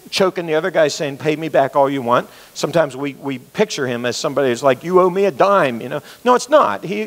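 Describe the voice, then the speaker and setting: A man's voice: on the high side, in a large hall, poor audio. A man giving an earnest, conversational sermon, reading scripture and explaining it with frequent restarts. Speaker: preacher.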